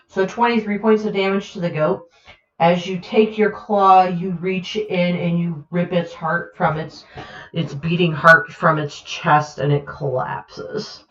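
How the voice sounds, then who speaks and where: Woman, game master, tabletop game narration, slow, hesitant, gory detail, roomy muffled sound. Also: fairly low pitch. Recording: roomy, muffled home recording.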